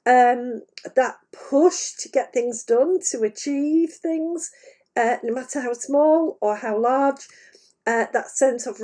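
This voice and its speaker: Slow and warm, a woman with a high-sitting voice talks freely to camera on a live stream as an intuitive medium, surrounded by her paintings. Her unscripted spiritual chat meanders, is full of "uh"s, and breaks into laughter readily.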